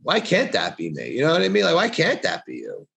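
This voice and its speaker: A man's voice: fairly high pitch, wildly swooping pitch, fairly quick, gravelly, a bit bright. A man co-hosting a podcast, talking in a blunt, profane, preachy way as he gives motivational advice in casual chat. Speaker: podcast co-host.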